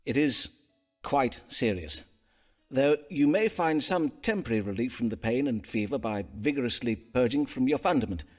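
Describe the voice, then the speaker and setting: An actor playing a learned, courteous Elizabethan astrologer and doctor who speaks in florid, archaic phrases. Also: male voice, mid-range voice, expressive, moderate pace, soft background music, natural voice. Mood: grave. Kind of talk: period game voice acting.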